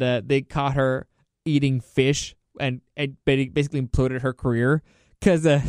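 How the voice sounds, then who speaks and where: A man's voice: a little high, no echo, studio quality. A man hosting a solo podcast, ranting sarcastically with plenty of swearing and laughter. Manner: sarcastic, profane, mocking; animated, laughs often. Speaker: podcast host.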